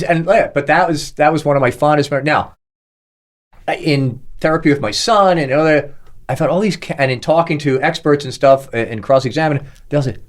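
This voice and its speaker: A middle-aged man hosting a podcast, chatting casually and acting out quoted voices as he tells stories. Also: fairly high pitch. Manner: animated storyteller, acts out quoted voices. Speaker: podcast host. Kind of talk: casual chat.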